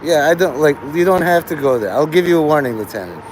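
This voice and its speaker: A man's voice: on the high side, animated, quick pace, slight background noise, poor audio. A man hosting a livestream, talking to his chat in a crude, rambling way and laughing at his own jokes. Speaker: livestream host.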